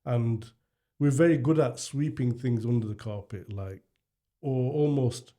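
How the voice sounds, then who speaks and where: Earnest dad on a podcast. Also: male voice, medium pitch, unhurried, mellow. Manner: earnest, storytelling, laughs easily. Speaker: podcast co-host. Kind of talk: casual chat.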